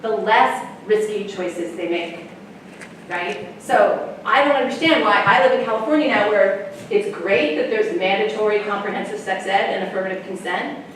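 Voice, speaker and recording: A woman, a sex educator, giving a chatty, animated talk to parents and often laughing. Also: mid-range voice, moderate pace, a little hiss or hum. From United States. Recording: echoey room, mic far off, faint ambience.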